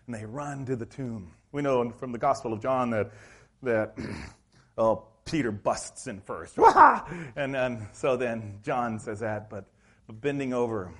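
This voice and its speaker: A male pastor preaching a sermon in a church, telling the story in a lively, acted-out way. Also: medium pitch, takes it slowly. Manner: animated storytelling, acts out scenes.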